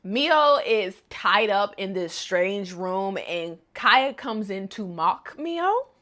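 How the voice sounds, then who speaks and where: A woman recaps an anime episode in a chatty, laid-back way. She peppers the story with slang and jokes, and her pitch sits right in the middle. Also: expressive, slow, sharp tone. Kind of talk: casual recap chat.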